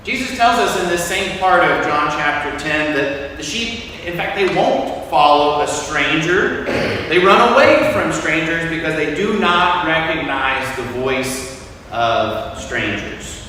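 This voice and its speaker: A man preaching a sermon as a priest, telling a story in a relaxed, conversational way with frequent fillers. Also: on the high side, unhurried, a little hiss or hum. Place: large church. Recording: echoey church hall, from far off.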